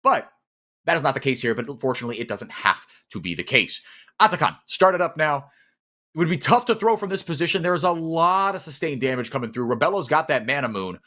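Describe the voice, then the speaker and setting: A man doing live play-by-play commentary on an esports match, calling the action quickly and often repeating words as he thinks. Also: a little high. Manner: rapid, animated calling with frequent repeated words.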